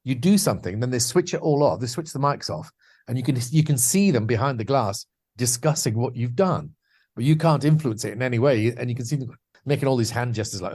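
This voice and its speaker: A man from the Scottish Borders, a voice actor guest in a casual interview, telling lively anecdotes and slipping into voices. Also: medium pitch, fast talker, husky. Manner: lively anecdotes, slips into voices and animal noises.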